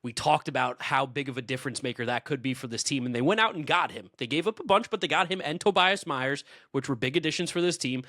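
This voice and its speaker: A man co-hosting a podcast in casual sports chat, animated and opinionated, laughing easily. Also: medium pitch, quick pace, few pauses, no room sound, studio quality. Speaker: podcast co-host.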